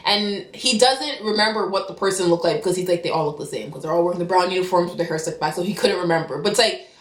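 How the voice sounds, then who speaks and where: Fast-talking young woman, heated storytime. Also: fairly low pitch. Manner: fast, animated retelling with heated quoted dialogue. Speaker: vlogger. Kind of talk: storytime vlog. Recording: roomy echo.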